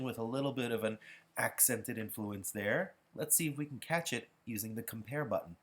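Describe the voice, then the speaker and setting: A man giving a patient, explanatory pronunciation lesson while walking through practice software. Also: mid-range voice, normal speed. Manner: patient, explanatory, self-correcting. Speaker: pronunciation instructor. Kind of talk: software demonstration tutorial.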